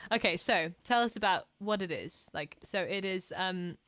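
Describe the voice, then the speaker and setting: A woman's voice: fairly low pitch, moderate pace, a bit bright, dry recording. A Scottish woman co-hosting a home music stream in casual chat, laughing often and teasing herself. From Scotland. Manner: chatty, laughs often, self-deprecating.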